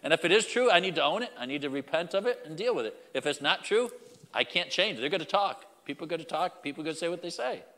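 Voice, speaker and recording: Man, pastor mid-sermon: lively swinging delivery, bright and forceful, addresses the flock head-on. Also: on the high side, fast, in a large hall. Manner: emphatic, repetitive preaching with direct address.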